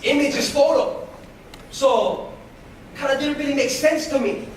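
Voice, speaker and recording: Man, very high voice, fervent preaching talk, call-and-response, booming hall echo, heard from far off. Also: measured pace, a little hiss or hum. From United States. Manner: fervent, leads call-and-response, breaks into shouts. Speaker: motivational speaker. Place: school hall before a live audience.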